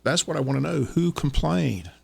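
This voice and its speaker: A man's voice: fairly high pitch, expressive, normal speed, gravelly, a little mellow, slightly rough. A man co-hosting a radio talk show, pressing the same questions over and over. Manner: insistent, keeps repeating his questions.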